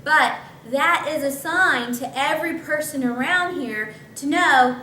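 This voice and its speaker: A woman's voice: high voice, measured pace, few pauses, bright, forceful tone. A woman pastor teaching scripture in a conversational way, with chatty asides. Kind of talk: Bible teaching. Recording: echoey room, mic at a distance, faint noise.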